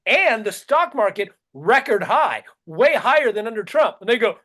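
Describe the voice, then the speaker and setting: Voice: mid-range voice, lively intonation, moderate pace, hardly any pauses, fairly bright tone. A podcast co-host delivering a sarcastic, profane comedic rant that mocks people in put-on voices.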